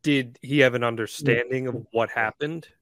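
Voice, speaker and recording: A man's voice: medium pitch, fairly even intonation, moderate pace, fairly bright tone, no room sound. A man co-hosting a podcast who chips in with short questions and agreement. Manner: brief interjections and questions. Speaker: podcast co-host. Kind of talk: casual conversation.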